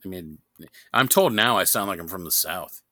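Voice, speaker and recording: Joking, profane man, bright and dry. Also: low voice, expressive, normal speed, no room sound. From New York. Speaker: podcast co-host. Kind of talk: casual chat.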